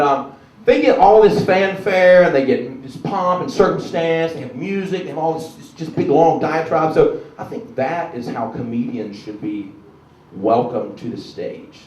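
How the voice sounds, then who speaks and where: A South Carolinian comic with a Southern accent works a club stage, chatty and self-mocking, occasionally switching to a loud announcer voice. His voice is a little high, with lively intonation and a measured pace. Slight background noise and club echo come through a distant camera's recording.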